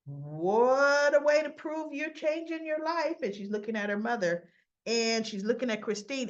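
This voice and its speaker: A woman's voice: high voice, lively intonation, normal speed, muffled recording. A woman hosting a casual soap recap, chatty and opinionated, acting out characters' lines as she goes. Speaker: soap opera recap host.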